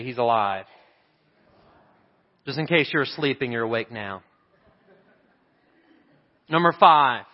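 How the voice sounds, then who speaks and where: A man preaching an Easter sermon as pastor, asking for amens and slowing down on key phrases. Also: mid-range voice. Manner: preachy, calls for amens, slows for emphasis. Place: church sanctuary. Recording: dull reverberant church sound.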